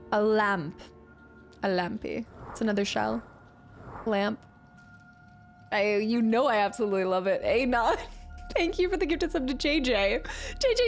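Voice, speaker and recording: Playful, chatty woman streamer. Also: on the high side. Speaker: game streamer. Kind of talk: casual live-stream commentary. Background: game music.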